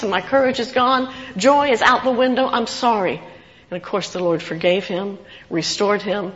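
A woman giving a sermon, telling stories in an earnest, animated way. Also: lowish voice. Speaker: preacher. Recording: muffled with long hall reverb.

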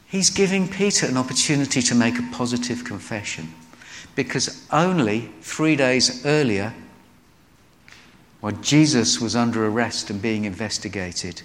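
A man's voice: medium pitch, lively intonation, normal speed. A man giving a sermon, telling Bible stories with acted-out quotes. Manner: storytelling, acts out quoted voices. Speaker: preacher. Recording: long hall reverb.

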